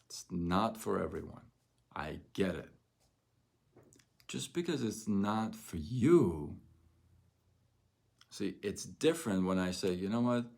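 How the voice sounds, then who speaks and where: A man's voice: low-pitched, very animated, slow pace, vocal fry, long pauses, a little mellow. A man hosting a live motivational talk as a network marketing coach, emphatic and repeating lines for effect.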